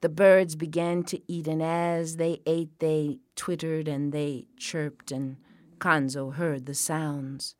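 A woman's voice: low-pitched, flat delivery, slow pace, a little mellow, no room sound. A woman telling a folk tale to families in a playful way, repeating words for rhythm and acting out sounds. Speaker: storyteller.

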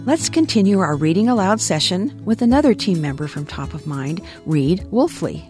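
A woman introduces the next reader in a conversational radio-host manner. Her voice is mellow and lowish with lively intonation, over faint background music. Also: moderate pace.

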